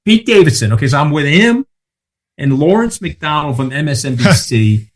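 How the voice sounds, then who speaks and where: A man guesting on a podcast, telling rapid, profane stories full of asides and checking in with the listener. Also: fairly high pitch, big pitch swings. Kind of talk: casual chat.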